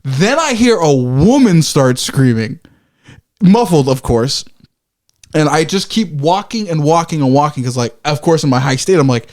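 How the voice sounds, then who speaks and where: A male podcast co-host with a slightly high, expressive, darkish voice tells a story at normal speed in casual chat. He rambles, corrects himself, swears freely and plays out his own reactions in quoted asides.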